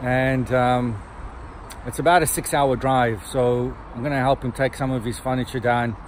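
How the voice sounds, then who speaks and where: A man's voice: mid-range voice, fairly even intonation, moderate pace, slight background noise. A middle-aged man, chatting casually to camera as a reviewer, rambling with frequent ums. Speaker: book and TV series reviewer. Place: in a car on a road trip.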